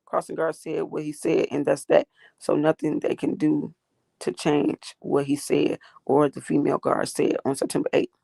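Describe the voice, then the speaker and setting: A woman's voice: deep voice, level tone, normal speed, vocal fry, mellow, no echo, studio quality. A woman hosting a livestream, ranting and talking back to her chat in a profane, confrontational way. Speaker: livestream host.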